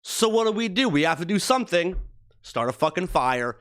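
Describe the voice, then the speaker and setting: A man's voice: sits high, sing-song, a little fast, a bit bright. A man in his thirties rants on a live stream in a profane, heated, rambling way. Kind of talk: casual ranting live stream chat.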